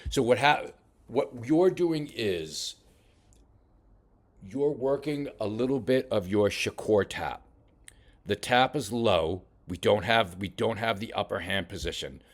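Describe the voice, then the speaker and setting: A man coaching a boxer while reviewing fight footage, talking casually with many halting restarts. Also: fairly low pitch. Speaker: boxing coach. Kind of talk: film study commentary.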